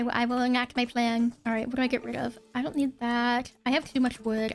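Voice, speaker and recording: A young woman giving casual, excitable let's-play commentary, giggling and talking to herself as she plays. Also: fairly high pitch. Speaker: gaming video creator.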